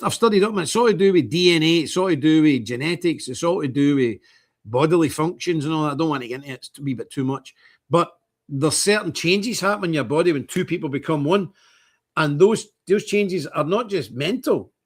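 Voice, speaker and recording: A man's voice: on the high side, husky. A middle-aged man with an Irish accent hosting a casual, rambling monologue and acting out bits of dialogue. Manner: rambling, animated, acts out quoted dialogue. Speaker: host of a church channel's update stream.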